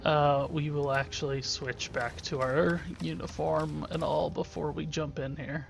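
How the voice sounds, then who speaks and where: Man narrating his gameplay, casual and joking, irreverent asides, a bit high voice, faint music behind. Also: steady tone, unhurried, creaky. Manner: joking, irreverent, talks to himself. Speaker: let's play host.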